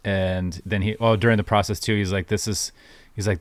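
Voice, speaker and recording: Deep-voiced, dry male co-host. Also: fairly even intonation, a little fast, dry recording. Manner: dry, matter-of-fact. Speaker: podcast co-host. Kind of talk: casual storytelling.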